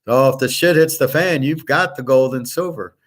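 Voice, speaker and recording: A man's voice: mid-range voice, normal speed. A man in the middle of his range rambles through a casual monologue, blunt and full of fillers. He drifts from one thought to the next and swears freely as he talks straight to his listeners. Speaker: host of a picks and markets channel.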